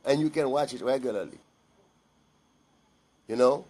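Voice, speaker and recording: A man's voice: mid-range voice, moderate pace, a little mellow. A man giving a blunt, emphatic personal monologue to camera, repeating himself for stress.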